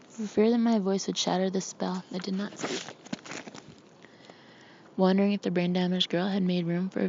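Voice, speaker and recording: A woman narrating an audiobook in a steady, measured reading. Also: fairly low pitch, gravelly, slight background noise. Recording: slightly muffled recording.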